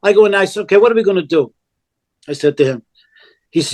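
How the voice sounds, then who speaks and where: An older man tells a story as a podcast guest, with a voice set high for a man. He talks bluntly and often swears. He acts out every line of dialogue in the story. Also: quick pace, pauses often. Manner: animated, acts out quoted dialogue, blunt and profane. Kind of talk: casual storytelling.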